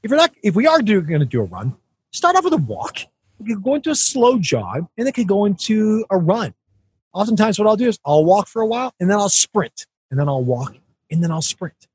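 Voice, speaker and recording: Animated, husky-voiced male podcast host. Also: brisk. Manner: emphatic, coaching, addresses listener as dude; energetic with big swings in pitch. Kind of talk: motivational podcast monologue.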